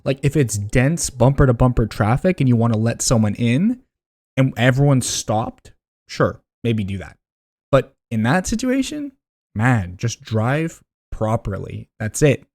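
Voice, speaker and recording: Animated, exasperated young man vlogging. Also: medium pitch, a little slow. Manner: animated, exasperated, slangy, addresses viewers as buddy and dude. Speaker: driving vlogger ranking habits. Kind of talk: casual commentary to camera.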